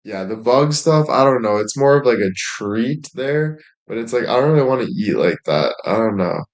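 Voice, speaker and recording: A man's voice: mid-range voice, expressive, normal speed. A man chatting casually as a streamer, rambling along with heavy swearing and plenty of filler words. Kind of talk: casual chat.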